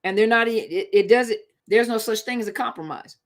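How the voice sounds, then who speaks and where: A woman hosting a laid-back relationships live stream talks fairly quickly in a slightly high voice. She stays conversational but emphatic, returning to her points to make sure they land.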